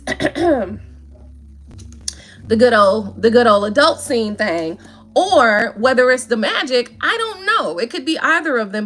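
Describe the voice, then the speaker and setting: A woman's voice: a little high, fairly bright tone. A woman giving a casual tarot reading, sassy and playful, full of slang and asides. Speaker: tarot reader.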